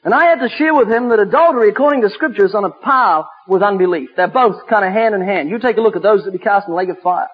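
Male preacher, very high husky voice, emphatic sermon delivery, lo-fi dull recording. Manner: emphatic, slows down to stress scripture. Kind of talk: sermon with storytelling.

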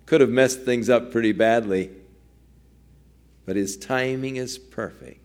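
Male preacher, sermon, earnest storytelling, acted-out quotes, mid pitch. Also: unhurried, a little mellow. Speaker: pastor.

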